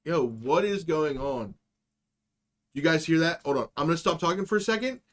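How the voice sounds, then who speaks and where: A man hosting a live stream, ranting in a loud, profane, excitable way and spinning absurd made-up stories for his chat, swinging between shouts and low mutters. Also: normal speed. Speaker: host of a live stream show. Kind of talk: casual comedic live-stream rant.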